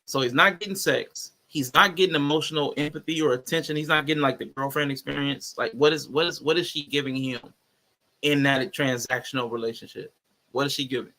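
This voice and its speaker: Bright-voiced joking man co-host. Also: mid-range voice, brisk. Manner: joking, animated commentary. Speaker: podcast co-host. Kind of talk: casual chat.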